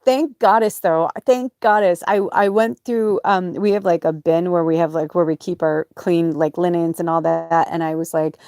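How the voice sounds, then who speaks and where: Low-voiced woman rambling through a personal podcast monologue. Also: fairly even intonation, normal speed, few pauses, darkish tone, clear, resonant tone, no room sound, studio quality. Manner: rambling, emotional, many fillers and restarts. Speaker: podcast host and medium. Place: off-grid home or van.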